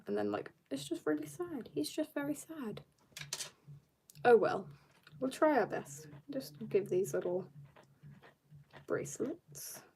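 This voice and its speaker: Vocal fry runs through her medium-pitched, darkish voice, and there's slight background noise. She is a South African art streamer drawing live in an upstairs room at home, chatting casually as she reads out and replies to comments.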